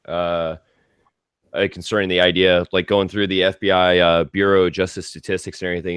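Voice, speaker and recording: A low-voiced man co-hosting a loose talk show, a bit tipsy and rambling, with plenty of swearing and laughing asides. His voice is recorded close and dry, with no room sound. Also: a bit bright, clean tone, no room sound. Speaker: co-host. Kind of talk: casual podcast chat.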